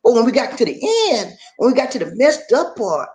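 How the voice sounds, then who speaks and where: A man giving relationship advice on a live stream, preachy and animated, speaking straight to his viewers and acting out quotes. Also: very high voice, brisk. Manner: acts out quoted voices in his talk.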